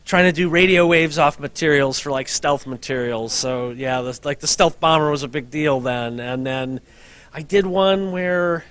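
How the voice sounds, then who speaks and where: A man's voice: fairly high pitch, normal speed, fairly bright tone, clean tone. A middle-aged man, a professor, talking modestly and rambling with many fillers in a casual interview. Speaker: professor and former science fair winner.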